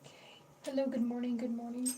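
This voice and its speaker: A woman's voice: fairly high pitch, little pitch movement, brisk, mellow, distant mic. Young woman livestreaming from home, rambly and sweary, sits back from the mic with faint noise behind her. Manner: rambling, chatty, swears freely, greets chat. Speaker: livestream host. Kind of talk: casual livestream chat.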